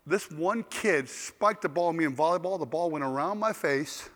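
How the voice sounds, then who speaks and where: A man preaching a sermon, telling stories in an animated, joking way. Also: a little high, normal speed. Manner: animated, joking storyteller who acts out quotes loudly. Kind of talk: storytelling sermon. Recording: long hall reverb.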